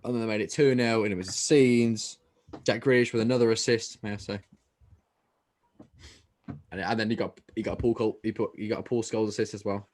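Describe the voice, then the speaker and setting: A man with a fairly low voice, co-hosting a casual football podcast. He teases his friend and swears freely as he talks through the matches. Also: steady tone, a little fast, pauses often, a little mellow. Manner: swears freely, teasing banter. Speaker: podcast co-host.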